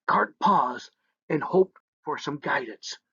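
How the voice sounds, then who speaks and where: A man's voice: on the high side, expressive, takes it slowly, vocal fry, a bit bright, husky, no echo. A man narrating a children's story in a playful way, humming sound effects between lines, on a dull lo-fi recording.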